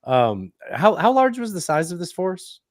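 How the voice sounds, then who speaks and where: A man's voice: sits high, big pitch swings, unhurried, dry recording, clean studio sound. A man hosting a podcast, chatting casually, mostly giving short agreements and asking curious questions. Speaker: podcast host. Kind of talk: casual chat.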